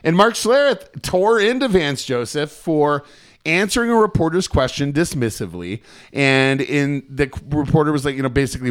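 Wry, sarcastic sports podcast co-host. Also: male voice, a little high, animated, moderate pace, clean tone. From Colorado. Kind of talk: casual sports chat.

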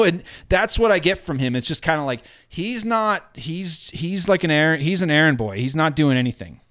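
Loose, profane middle-aged sports podcaster. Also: male voice, on the high side, lively intonation, normal speed, few pauses, a bit bright. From Colorado. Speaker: podcast co-host. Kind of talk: casual sports chat. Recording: podcast studio mic.

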